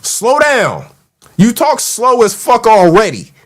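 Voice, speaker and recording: A man's voice: high-pitched, huge pitch swings, takes it slowly, a bit bright. A man hosting a casual livestream, ranting in a mocking, profane, heated way and reacting to the live chat. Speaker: show host.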